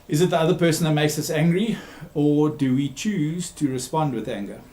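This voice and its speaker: A man who works as a therapist gives a recorded talk, speaking emphatically, repeating key words and pausing with frequent ums. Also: a little high, warm tone, reverberant. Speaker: therapist giving a talk series.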